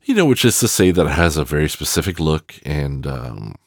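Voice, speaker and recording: A man's voice: very deep voice, sing-song, brisk, dry recording, studio quality. A man giving a rambling, casual film commentary, swearing freely and trailing off in restarts. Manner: rambling and profane, with many fillers and restarts. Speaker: film reviewer.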